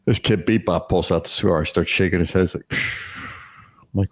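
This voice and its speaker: A man co-hosting a casual podcast, telling profane, animated stories and acting out the voices in them. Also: low voice, normal speed. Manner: profane, animated storyteller who acts out voices. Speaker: podcast co-host; former youth football coach. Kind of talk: casual chat, storytelling.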